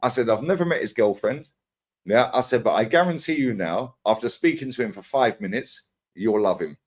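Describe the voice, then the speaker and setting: A man in casual podcast chat, telling animated stories full of slang and swearing and acting out what others said. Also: mid-range voice, brisk, breathy edge. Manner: animated storytelling, acts out quotes, swears freely, lots of slang. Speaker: podcast co-host.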